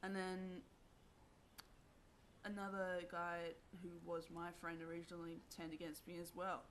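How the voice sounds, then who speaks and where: Low-voiced young woman, rambling story. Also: flat delivery, a little hiss or hum. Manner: rambling, halting, with many fillers. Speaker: vlogger. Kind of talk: personal storytelling to camera.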